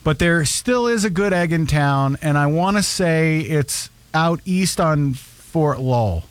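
A man's voice: on the high side, animated, a little slow, no echo. A man in his fifties hosting a casual radio show, joking and wry. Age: 50s. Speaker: radio host.

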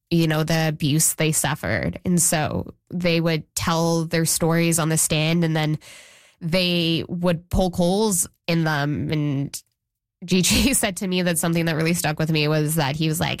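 A woman journalist speaks in a slightly low voice, recounting events casually. She restarts her sentences often and slips into quoted speech. The recording is dry and close. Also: dry recording. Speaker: journalist guest. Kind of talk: interview conversation.

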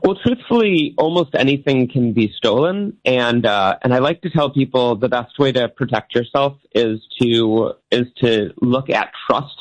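A man's voice: medium pitch, normal speed, hardly any pauses, no room sound, dull audio. A man who is a guest magician, answering playfully and poking fun at himself. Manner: playful, self-deprecating. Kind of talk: casual interview.

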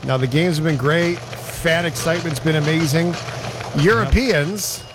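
A man's voice: fairly high pitch, unhurried, noisy background. A man hosting a radio show, chatting casually and joking with his co-host. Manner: playful, laughs often. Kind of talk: casual chat.

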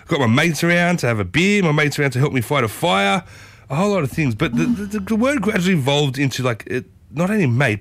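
A man's voice: medium pitch, a bit bright, no echo. A man with an Australian accent, hosting a casual community radio show in a rambling, folksy way.

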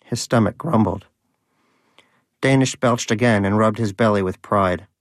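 A man narrating a storybook in a wry, measured way. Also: on the low side, dry recording, clean studio sound.

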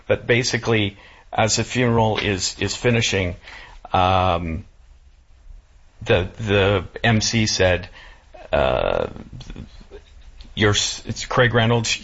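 A man talking as a guest in casual chat, halting and full of restarts, close to tears. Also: on the low side, fairly bright tone, breathy edge. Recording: dull lo-fi sound.

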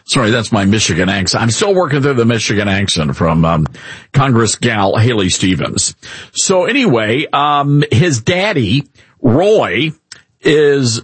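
A man hosting a talk radio show in a studio, giving animated, folksy conservative commentary with chuckling asides, his throat a bit irritated. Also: medium pitch, slightly rough, no echo. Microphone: studio microphone, dry.

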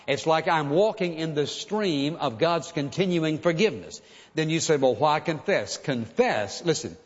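A man delivers a sermon in an earnest, emphatic manner, now and then acting out pleading prayers. His voice sits a little high. The sound is dull and carries a long hall reverb. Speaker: preacher.

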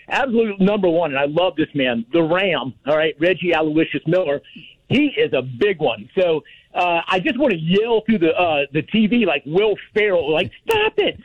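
A man with a high voice calls in over a dull, muffled phone line. He rambles and hesitates, filling his sentences with uhs. He is from North Carolina, and the line sounds dry. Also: no room sound. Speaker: caller. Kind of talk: call-in radio chat.

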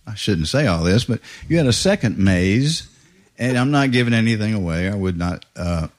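Joking low-voiced male interviewer. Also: expressive, moderate pace. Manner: joking, rambling questions. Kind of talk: conversational interview.

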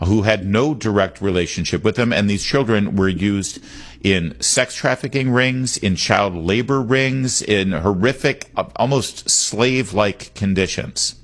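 A middle-aged man hosting a political talk radio show, talking in an animated, digressive and emphatic way. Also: lowish voice, unhurried.

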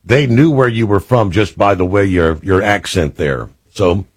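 Husky-voiced male radio host. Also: fairly low pitch, no echo, clean studio sound. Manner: friendly, upbeat, quick to laugh. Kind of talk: overnight call-in radio show.

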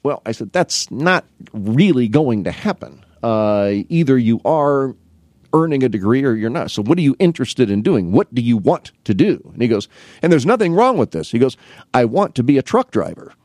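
Middle-aged man, advisor, rambling storyteller, lively pitch, dry close sound. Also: moderate pace, dry recording. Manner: rambling anecdotes with restarts, acting out both sides of conversations. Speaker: college academic advisor. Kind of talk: casual storytelling monologue.

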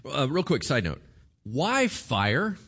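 A man preaching a sermon, telling the story in a lively, joking way. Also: medium pitch, slow, breathy edge. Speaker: pastor.

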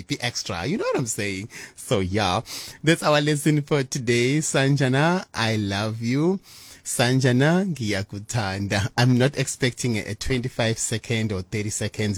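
A man presenting on the radio from a studio, exuberant and teasing, with sudden high exclamations. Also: no echo. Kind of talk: playful radio presenting with a language lesson.

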